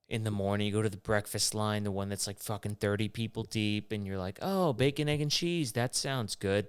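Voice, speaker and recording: A young man hosting his own show, rambling through a profane, animated rant. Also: fairly low pitch, smooth, dry recording. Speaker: podcast host. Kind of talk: rambling solo monologue.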